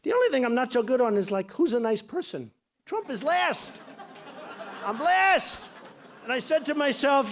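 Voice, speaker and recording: A man's voice: very high-pitched, big pitch swings, normal speed, a bit bright, slight background noise. A man in his sixties giving a campaign speech as a political candidate, boastful and rambling in a conversational way.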